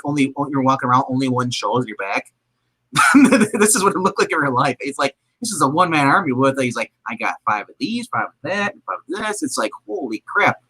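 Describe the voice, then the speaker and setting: A man co-hosting a movie review show in casual chat, acting out characters in quick voices and laughing often. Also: on the high side, bright, forceful tone, breathy edge, poor audio.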